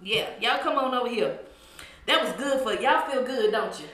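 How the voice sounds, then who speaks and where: A woman's voice: on the high side, expressive, normal speed, a bit bright. A woman hosting a church-culture podcast, teasing her listeners in a playful, call-and-response style. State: out of breath. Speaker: podcast host. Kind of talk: playful podcast monologue, chanting dance calls. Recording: very echoey room.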